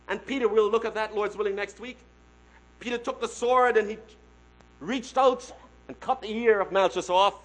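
A man preaching a sermon, swinging from hushed tones to loud emphasis and repeating phrases as he addresses his listeners as friends. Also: high-pitched, low-quality recording.

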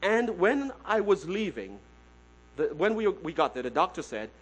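Preacher: a man with a notably high voice, drops to a hush then swells loud, repeats key phrases. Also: very animated, moderate pace, slightly rough, poor audio. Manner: swings from hushed to loud, repeats phrases for emphasis; addresses listeners as "my friends". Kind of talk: sermon.

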